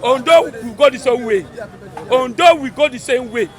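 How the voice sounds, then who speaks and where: A man with a Nigerian accent, talking loudly and emphatically in a rambling street interview. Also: very high-pitched, normal speed. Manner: fervent, loud, rambling and emphatic. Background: crowd noise.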